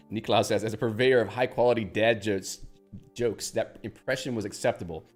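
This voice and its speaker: A man's voice: on the low side, fairly even intonation, normal speed, soft background music. A man hosting a live stream in a casual, joking, self-deprecating way, reading viewer chat aloud.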